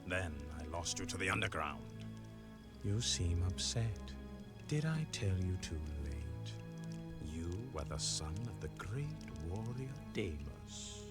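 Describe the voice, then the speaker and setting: A man's voice: low voice, very animated, loud music behind the voice, full character voice. An actor playing a cruel, gloating older male villain scientist, mocking and sneering in a video game cutscene. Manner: sneering, mocking, drawn-out delivery.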